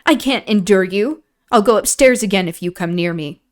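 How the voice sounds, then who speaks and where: A woman's voice: a little high, lively intonation, normal speed, natural voice. A woman voicing a scornful proud young lady. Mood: outraged. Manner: indignant, clipped outbursts.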